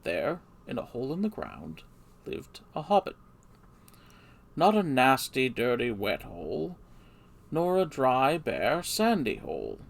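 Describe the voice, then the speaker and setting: A man voicing a wise old male wizard who narrates in a slow, grand storybook manner. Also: medium pitch, huge pitch swings, vocal fry, exaggerated voice. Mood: storytelling.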